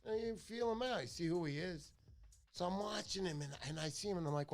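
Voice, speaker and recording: A man hosting a casual fishing livestream, chatty and excitable, thanking viewers by name. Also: high voice, quick pace, gravelly, faint music behind. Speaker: livestream host.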